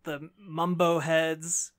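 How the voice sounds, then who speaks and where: A man's voice: on the high side, little pitch movement, very slow. A man co-hosting a video game podcast, chatting casually in a playful, teasing, argumentative way. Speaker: podcast co-host. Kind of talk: casual chat.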